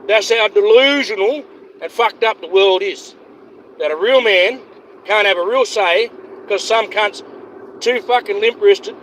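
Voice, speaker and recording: A man's voice: high-pitched, fairly bright tone, a little hiss or hum. A man ranting heatedly on a livestream, swearing constantly and repeating himself. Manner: profane, heated, repetitive.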